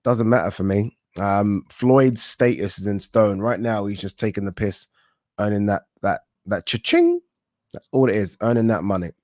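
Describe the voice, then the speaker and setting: Laid-back man, low dry voice. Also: steady tone, moderate pace, darkish tone, no room sound. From England. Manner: laid-back, joking, swears casually. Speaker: boxing YouTube host. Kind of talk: casual chat reading viewer comments.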